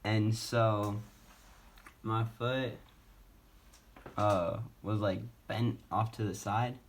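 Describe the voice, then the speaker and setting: A man's voice: on the low side, fairly even intonation, very slow, slight background noise. A young man casually telling a personal story on his vlog, rambling with many fillers and restarts, speaking from a wheelchair at home. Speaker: vlogger.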